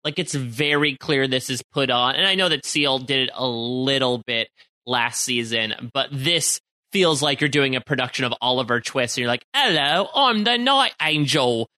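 A man's voice: mid-range voice, fairly even intonation, normal speed, pushed and bright, dry recording. A man co-hosting a podcast in casual chat, making wry, joking asides. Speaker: podcast co-host.

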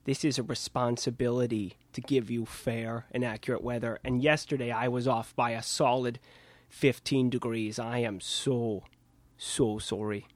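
A man's voice: mid-range voice, steady tone, normal speed, no echo, close to an everyday voice. A man voicing an apologetic male TV weatherman with a Minnesotan accent, somber and pleading. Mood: somber apology.

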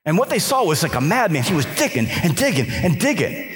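A man giving an energetic motivational speech to a live audience in a conference hall, telling stories and urging listeners to work hard. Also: sits high, fairly quick. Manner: energetic storytelling with repeated restarts and emphatic exhortations. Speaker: motivational keynote speaker.

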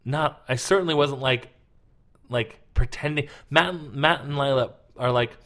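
A man in casual conversation with a voice of average pitch. He rambles, doubles back and stacks fillers while telling family stories. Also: a little slow, a bit bright. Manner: rambling, filler-heavy storytelling. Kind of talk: casual chat.

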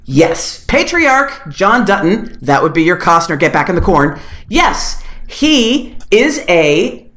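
A woman's voice: fairly low pitch, very animated, takes it slowly, few pauses, fairly bright tone. A woman hosting a podcast, telling a story in casual chat with sarcastic, profane flair. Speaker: podcast host. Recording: roomy echo.

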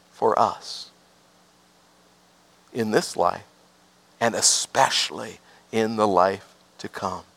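Slow, emphatic preaching man. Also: gravelly, no echo. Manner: emphatic preaching, swells high then drops soft and slow. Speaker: pastor. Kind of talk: sermon with closing prayer.

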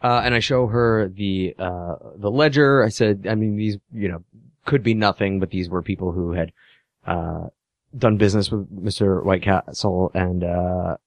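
Low-voiced man playing a tabletop game. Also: normal speed, no room sound. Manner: hesitant, many fillers. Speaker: player. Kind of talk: casual tabletop game play.

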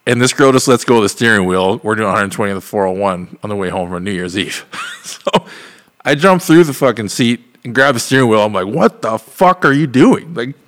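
A man's voice: fairly low pitch, lively intonation, brisk, fairly bright tone. A man co-hosting a podcast, telling a rambling, profane story with laughs in a casual chat. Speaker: podcast co-host.

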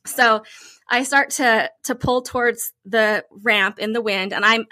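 Casting: upbeat woman storyteller, bright and slightly high, dry close mic. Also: measured pace, dry recording. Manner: animated, lots of "like", playful self-praise. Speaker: podcast co-host. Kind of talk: casual storytelling chat.

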